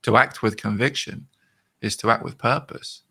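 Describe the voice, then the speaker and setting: British male host, casual chat, gravelly, bright, laughs easily. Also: mid-range voice, normal speed. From Britain. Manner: laughing, animated, swearing casually.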